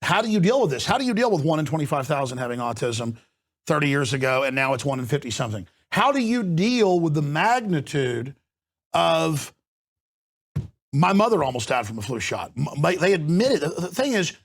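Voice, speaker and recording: A man hosts a heated talk show, pressing his points with forceful emphasis. His voice sits a little high and carries a gravelly rasp. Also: very animated. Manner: forceful, emphatic, rapid-fire delivery. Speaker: host.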